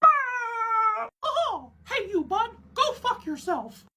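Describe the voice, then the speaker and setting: A man voicing a cheerful but crude male frog puppet in a high, warbling parody impression. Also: sing-song, slow pace, bright, forceful tone, heavily acted. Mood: mock-cheery.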